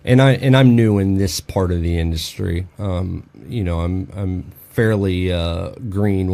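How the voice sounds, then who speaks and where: Man, podcast host, mellow dark tone, blunt, swears a lot, lots of ums and restarts. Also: low voice, creaky. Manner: blunt, swears freely, many fillers and restarts. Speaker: podcast host and dog trainer. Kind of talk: casual podcast conversation.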